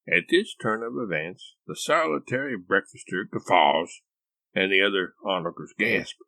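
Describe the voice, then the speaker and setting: Male author reading his comic novel aloud, low voice with lively ups and downs, dry close sound. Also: moderate pace, gravelly, no echo. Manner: wry, expressive storytelling. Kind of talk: scripted narration of a comic story.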